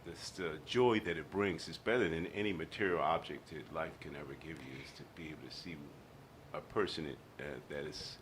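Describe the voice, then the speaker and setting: A man's voice: very deep voice, a little fast, a little hiss or hum. A man being interviewed on a radio show, telling personal stories and acting out the people in them. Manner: animated storyteller, acts out quotes. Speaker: guest.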